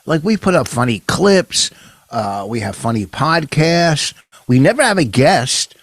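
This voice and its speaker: An older man co-hosting a casual comedy podcast, brash and profane, quick to grumble and swear. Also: a little high, big pitch swings, no room sound. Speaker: podcast co-host. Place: home podcast studio.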